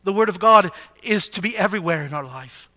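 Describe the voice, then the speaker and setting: A man preaching a sermon in a high, bright voice. He leans on rhetorical questions, dropping to a hush and then rising to loud emphasis. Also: expressive, a little fast. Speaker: pastor.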